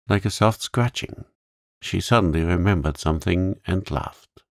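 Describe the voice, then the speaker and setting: A man narrating a calm bedtime story in a gentle, soothing way. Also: deep voice, creaky, no echo, studio quality.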